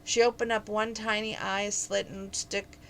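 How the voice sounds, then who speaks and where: A woman reads a romance novel aloud in a relaxed, conversational way, now and then chatting to her listeners. Her voice sits at a middling pitch, with a faint hiss of noise in the background. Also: a little slow. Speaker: book reader.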